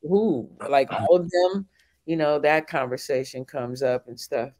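A man's voice: on the high side, a little slow, a little mellow. A man in a casual podcast chat, laid-back and talkative, sharing book facts with light laughs. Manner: laid-back, chatty, nerdy asides, laughs often.

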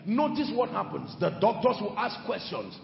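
A man preaching a sermon with impassioned, shouted peaks, recorded in a large church hall. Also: high voice, very animated, normal speed, vocal fry, a little hiss or hum. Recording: echoey hall, dull sound, music behind. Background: music.

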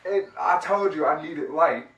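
A man's voice: fairly high pitch, measured pace, a bit bright, far from the mic, lo-fi sound. A young man in casual couple banter, laid-back, laughing things off and defensive. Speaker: fiance in the vlog. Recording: roomy sound, off-mic.

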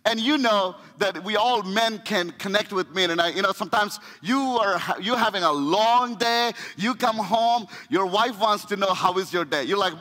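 Male pastor preaching, high voice, storytelling w lots of restarts, echoey church hall. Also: moderate pace, hardly any pauses. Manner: animated storytelling with frequent restarts. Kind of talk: sermon. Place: church sanctuary.

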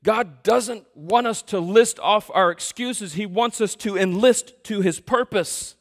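A male pastor preaching a sermon in a conversational, self-deprecating, animated storytelling way. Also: sits high, a little slow. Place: church sanctuary. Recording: long hall reverb.

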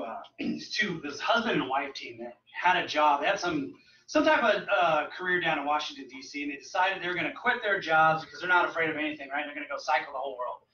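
Bright-voiced man preaching in echoey church. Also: a little high, slight background noise. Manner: casual, joking preaching with mocking quoted voices. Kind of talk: sermon. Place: church sanctuary. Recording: roomy, distant, dull church recording.

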